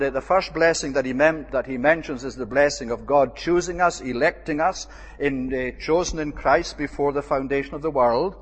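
A man preaching a measured expository Bible sermon, pausing often with "uh" as he explains a passage. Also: on the high side, husky. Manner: measured, with frequent "uh" pauses. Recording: long reverb of a hall.

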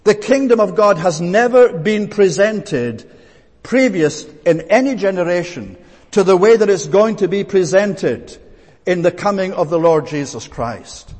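A man's voice: sits high, expressive, unhurried, darkish tone. A man preaching a sermon, earnest and emphatic, with frequent "eh" fillers and restarts. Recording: long hall reverb.

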